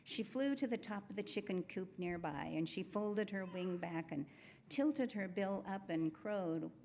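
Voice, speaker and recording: A woman reading a children's story aloud at a worship service in a gentle, unhurried way. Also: mid-range voice, expressive, a little hiss or hum.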